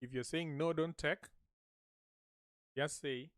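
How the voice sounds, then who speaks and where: Male teacher, unhurried delivery, dry close sound; repeats each phrase patiently. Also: fairly high pitch, fairly even intonation. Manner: repeats phrases slowly for listeners to echo. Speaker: language teacher. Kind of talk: slow repeated language lesson.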